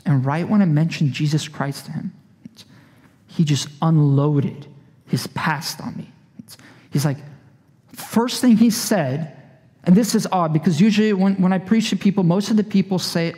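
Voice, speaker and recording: A man's voice: a little high, a little slow, dark tone, long reverb tail. A man preaching a sermon as a pastor, earnest and full of storytelling. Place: church.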